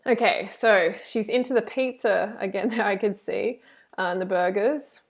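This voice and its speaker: A woman reacting to a video and reading her live chat, animated and preachy, full of "like" and "you know". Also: mid-range voice, normal speed, background noise. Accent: Australian. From Australia.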